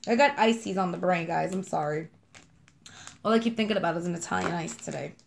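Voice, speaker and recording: A woman's voice: on the low side, brisk, vocal fry, slight background noise. A chatty woman with a New York accent, rambling and gushing as she unboxes and sniffs scented wax in a casual vlog. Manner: bubbly, rambling, self-described kooky; gushing over scents and colors. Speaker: vlogger unboxing wax melts.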